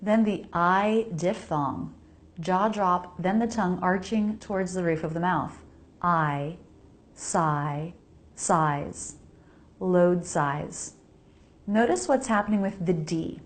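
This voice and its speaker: An American woman giving a pronunciation lesson, her voice pitched a little low. She speaks slowly and deliberately, modeling each sound and repeating words for the listener to echo. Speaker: pronunciation teacher.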